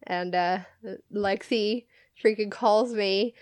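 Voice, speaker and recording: A woman's voice: mid-range voice, fairly even intonation, takes it slowly, a little mellow, dry recording. A woman co-hosting a casual chat, telling a story and laughing often. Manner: giggly, tells stories, laughs often. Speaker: podcast co-host.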